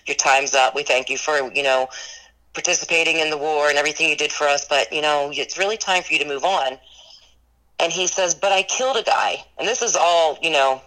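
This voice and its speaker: A woman's voice: low-pitched, fairly even intonation, brisk, sharp tone, rough recording. A woman who runs a ghost tour business, earnestly recounting her paranormal experiences in an interview and rambling with lots of "like" and "you know".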